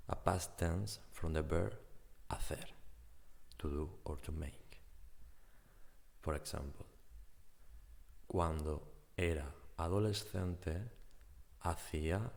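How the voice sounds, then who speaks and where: A man with a Spanish accent, a native Spanish speaker teaching pronunciation slowly and carefully, often trailing his phrases off to a whisper. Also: extremely low pitch, creaky, a little mellow, long reverb tail. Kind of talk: pronunciation lesson.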